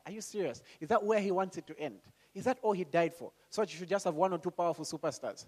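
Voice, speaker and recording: In a high voice, a man delivers a sermon that shifts from calm, slow talk to loud calls. He asks the congregation questions and acts out voices as he goes.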